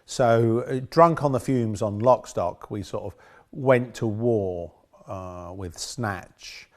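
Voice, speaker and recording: A man's voice: fairly low pitch, slow, a little mellow. A man talking about his past work as a film director in a casual interview, rambling with frequent restarts and self-corrections.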